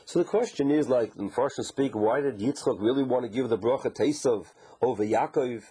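A man's voice: mid-range voice, a little fast, mellow, husky, poor audio. A man giving an informal Torah lesson, posing questions and then answering them in a conversational, explaining way. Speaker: Torah teacher.

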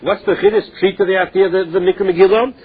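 A man's voice: sits high, fairly even intonation, fast talker, slightly rough. A man teaching a Talmud lesson, reading each phrase and then explaining it in plain English. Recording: tinny phone-line recording.

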